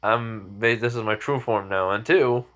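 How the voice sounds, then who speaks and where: A man's voice: on the low side, unhurried, fairly bright tone. A man voicing an annoyed, blunt teenage boy ninja in demon form, in a casual fan retelling.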